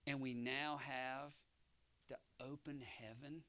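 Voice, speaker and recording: A man preaching a sermon who moves from hushed storytelling to loud exhortation and keeps calling for an amen from his congregation. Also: mid-range voice, little pitch movement, slow pace. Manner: calls for congregation response.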